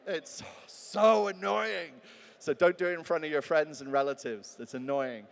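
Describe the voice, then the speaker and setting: A man's voice: mid-range voice, brisk. Chatty man in a reverberant hall. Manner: chatty and joking, acts out example readings. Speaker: voice actor giving a talk. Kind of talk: live conference talk. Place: large talk venue.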